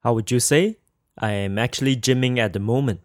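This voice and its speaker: A man's voice: medium pitch, fairly quick, no room sound, clean studio sound. A man teaching a language lesson in a careful scripted manner, saying each example phrase twice for practice.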